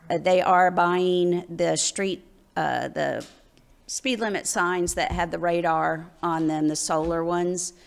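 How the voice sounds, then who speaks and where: A woman runs a public meeting from the chair. Her voice is low and gravelly, and she explains things plainly, with the odd filler. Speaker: mayor chairing council meeting.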